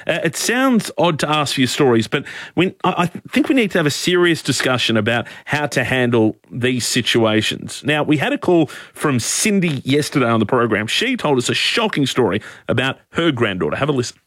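A man's voice: medium pitch, sing-song, brisk, hardly any pauses, no echo, clean studio sound. A man with an Australian accent hosting a talkback radio program, emphatic and opinionated, pressing his points hard. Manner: forceful, emphatic, repeats points. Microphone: studio microphone.

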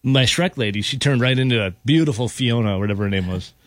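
A man's voice: medium pitch, fast, dry recording. A man, hosting a radio show and telling a story in casual chat, laughing as he goes.

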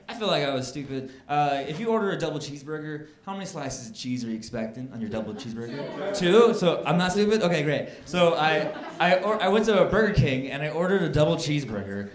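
A man doing stand-up comedy, telling a story with animated, exasperated rants to a live audience. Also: on the high side. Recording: roomy live club sound, crowd audible.

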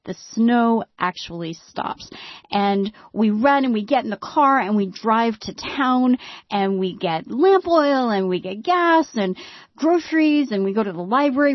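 A woman telling a first-person story, building suspense and dropping to hushed tones. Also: medium pitch, dry recording, muffled recording.

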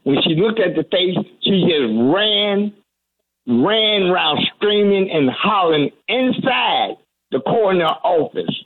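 A reverend with a notably high voice speaks earnestly as a guest on a call-in radio show. His delivery is heavy-hearted and halting, full of restarts. The sound is thin and tinny, coming down a phone line. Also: expressive. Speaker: reverend and community advocate.

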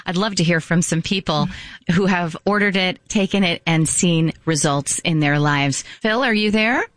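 A woman's voice: fairly low pitch, normal speed, a bit bright, dry recording. A woman hosting a sponsored talk program, speaking in an enthusiastic, promotional way. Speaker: host. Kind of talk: scripted talk-show host.

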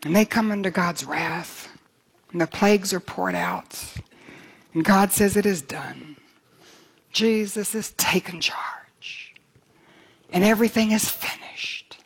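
A woman's voice: fairly low pitch, measured pace, gravelly, husky. An older woman preaching a sermon with earnest fervor, her voice climbing when she reads scripture aloud. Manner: earnest, fervent, rises for scripture readings.

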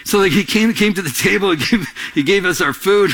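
A man preaching a sermon to a congregation, animated, swinging between soft and raised delivery and acting out little scenes with quoted voices. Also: high-pitched, fairly quick. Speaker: pastor.

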